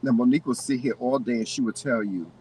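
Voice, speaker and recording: A man co-hosting a casual chat, giving opinions in an animated way and often restarting his sentences. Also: mid-range voice, quick pace, slightly rough, far from the mic, low-quality recording. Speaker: co-host.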